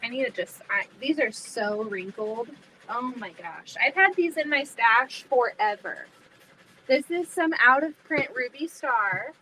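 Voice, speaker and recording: A woman's voice: on the high side, lively intonation, measured pace, bright, forceful tone, slight background noise. A woman hosting a casual sewing livestream, chatting to viewers and thinking aloud as she cuts fabric. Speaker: livestream host.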